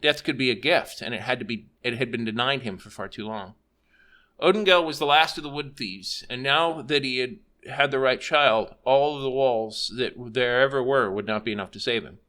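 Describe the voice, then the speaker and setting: A man's voice: medium pitch, normal speed, bright, forceful tone. A man reading a fantasy story aloud, with small slips and self-corrections as he goes. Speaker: audiobook narrator.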